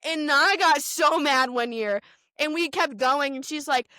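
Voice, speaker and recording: A young woman co-hosting a podcast, telling family stories in an animated way and laughing often. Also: high voice, no room sound, studio quality. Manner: animated storytelling, quick to laugh. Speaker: podcast co-host. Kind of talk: casual chat.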